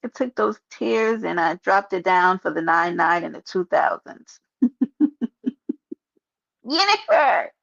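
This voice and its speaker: New lady on a live stream, raspy fry in her voice, joking with chat, kinda dull lo-fi sound. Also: fairly low pitch, normal speed, fairly bright tone. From New York. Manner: playful, joking, talks straight to her chat. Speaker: livestreamer. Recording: muffled lo-fi stream audio.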